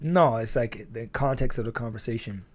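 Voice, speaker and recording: A man talking as a guest in a casual conversation, animated and acting out scenes in different voices. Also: medium pitch, moderate pace.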